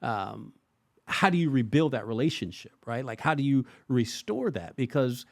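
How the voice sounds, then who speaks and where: A man's voice: mid-range voice, lively intonation, creaky, dry recording. A man co-hosting a church podcast, asking questions and agreeing readily with his partner. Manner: affirming listener, quick agreement. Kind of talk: casual faith discussion.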